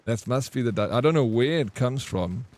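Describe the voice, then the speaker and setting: A man's voice: mid-range voice, expressive, moderate pace, darkish tone. A South African man chatting casually with his viewers during a live game stream, reading and answering their comments. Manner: chatty, laid-back, reads and answers chat.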